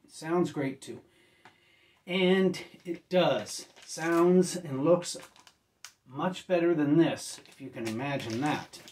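A man casually reviewing discs at home, rambling and correcting himself, often clearing his throat as if he just woke up. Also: a little high, slow, darkish tone, far from the mic, a little hiss or hum. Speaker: disc reviewer.

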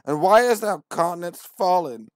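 A man voicing God on high as a solemn, booming male deity who draws out archaic pronouncements. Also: lively intonation, no room sound, studio quality. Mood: mock-concerned. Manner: slow, drawn-out, archaic pronouncements.

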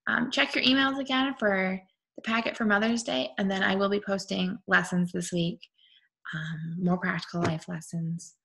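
A woman's voice: medium pitch, steady tone, moderate pace, creaky, fairly bright tone, slightly rough. A young woman, a preschool teacher, leads an online group time for small children, gasping in delight and drawing out animal sounds.

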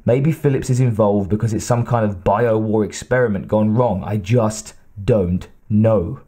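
Male narrator as hard-nosed homicide detective, audiobook, blunt and quietly menacing, dark mellow tone. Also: fairly low pitch, measured pace, breathy edge. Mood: grim.

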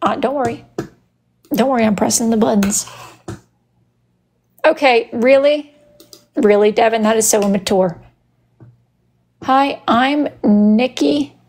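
At a normal pace but pausing often, this woman speaks in a fairly high, slightly mellow voice. Doing wood burning on a relaxed live stream, she responds to viewers' messages with playful banter and teasing.

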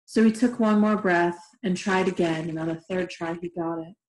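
A woman reading a novel aloud in a steady, gentle way, in an echoey room. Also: on the low side, normal speed, a little hiss or hum. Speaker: reader. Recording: roomy echoey room recording.

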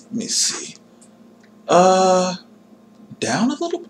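A young man talks his livestream through a character build in a relaxed, rambling way. His voice swings widely up and down while he keeps a slow pace, joking at himself. A faint hiss sits under the recording. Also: high-pitched. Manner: chatty, talks to chat while tinkering, self-deprecating. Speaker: gaming livestreamer. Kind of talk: casual livestream commentary.

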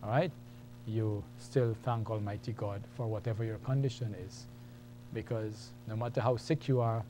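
A man's voice: lowish voice, steady tone, moderate pace, background noise. Patient man teaching at a board. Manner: patient, repetitive, explains step by step. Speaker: Arabic teacher. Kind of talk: classroom lesson.

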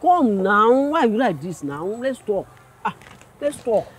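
A man's voice: high voice, very animated, a little slow, a little hiss or hum. A man with a Nigerian accent playing a flustered older driver who stammers and pleads with a policeman in a comedy skit. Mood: pleading.

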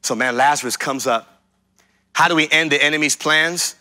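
A male pastor delivering a sermon in a fairly high, piercingly bright voice. He preaches emphatically, repeats his main points and calls out to his listeners. The tone is sharp and driving throughout. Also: normal speed. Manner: emphatic preaching that repeats key lines and addresses the congregation.

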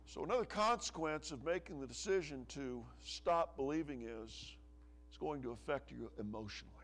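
A male pastor preaching a sermon in church, pressing hard on some phrases and letting others drop low and soft. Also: expressive, normal speed, slight background noise. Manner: preaching with rising emphasis and soft, dropping asides. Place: church sanctuary.

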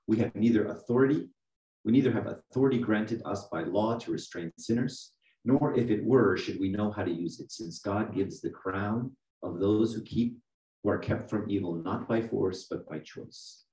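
Middle-aged guy preaching, lowish voice, keeps asking "right?", roomy church echo, bit far from mic. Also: moderate pace, dark tone. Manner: conversational, often asks "right?" to the congregation. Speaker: archdeacon preacher. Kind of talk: sermon. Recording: echoey room, mic from a distance.

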